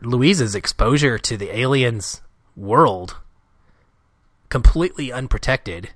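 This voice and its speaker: A man's voice: mid-range voice, a bit bright, dry recording, clean studio sound. A man in a casual film discussion, reflective and earnest as he speculates.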